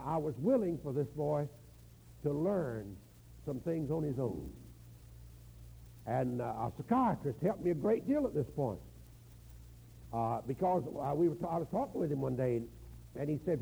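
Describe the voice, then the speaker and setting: An older man preaching a sermon in a folksy, storytelling manner, drawing out words for emphasis, with a gravelly voice. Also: on the high side, animated, normal speed, pauses often, warm tone, rough recording.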